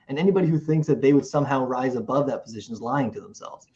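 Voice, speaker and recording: A man's voice: medium pitch, racing, hardly any pauses. Man co-hosting, muffled lo-fi sound. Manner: animated, restarts and repeats himself. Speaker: podcast co-host. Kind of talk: casual chat. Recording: muffled lo-fi recording.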